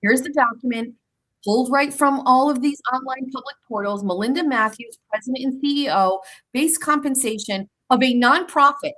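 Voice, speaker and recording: A woman's voice: high-pitched, normal speed, fairly bright tone, rough recording. A young adult woman, hosting her show in a heated, profane monologue, repeating herself as she pushes back at critics. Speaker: show host.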